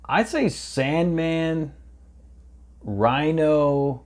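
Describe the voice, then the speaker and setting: A man's voice: a little high, extremely slow. A man hosting a watch-along, chatting casually and answering viewer questions in a rambling way with fillers. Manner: relaxed, rambling with fillers and restarts. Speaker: reaction channel host.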